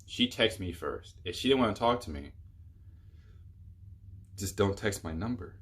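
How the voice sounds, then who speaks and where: A man's voice: lowish voice, expressive, a little slow, fairly bright tone. A young man telling a rambling, exasperated storytime on his vlog, full of fillers. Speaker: YouTuber.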